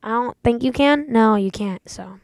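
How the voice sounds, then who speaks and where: A young woman hosting a gaming channel, giving casual let's-play commentary and yelping and shouting catchphrases as she plays. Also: a little high, moderate pace, no echo. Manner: excitable, yelps and shouts catchphrases.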